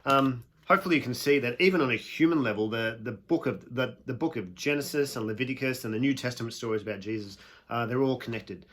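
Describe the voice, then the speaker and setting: A young man with a bright, forceful voice teaches a video lesson in a relaxed, chatty way. He leans hard on key phrases and draws them out slowly, then pokes fun at himself. His pitch sits in the middle range for a man. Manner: casual, self-deprecating, emphatic with stretched slow phrases.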